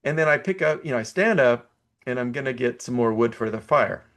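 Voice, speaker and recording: An older man chats as a podcast guest, spinning a story in a loose, casual way. He laughs often, trips over his words and restarts, fills the gaps with 'you know', and jumps into acted-out quotes. His voice sits at an ordinary pitch. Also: fairly quick. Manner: animated, laughs often, acts out quoted lines.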